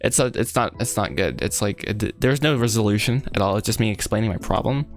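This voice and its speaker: A man's voice: fairly low pitch, a little fast, soft background music. A young man rambling casually and laughing often while he works on a 3D model and chats with viewers. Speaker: 3D artist streaming his work. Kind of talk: casual live chat while working.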